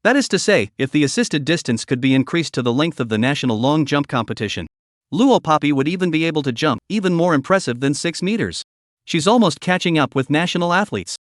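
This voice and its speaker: A man narrating a story recap in a steady reading voice with stiff, literal phrasing. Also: fairly high pitch, fairly quick, dry recording, clean studio sound.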